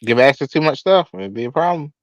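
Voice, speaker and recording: Animated laughing man on a dry mic. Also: mid-range voice, fast talker, no room sound. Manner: animated, laughing, acts out quotes. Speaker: podcast co-host. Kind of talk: casual tech podcast chat.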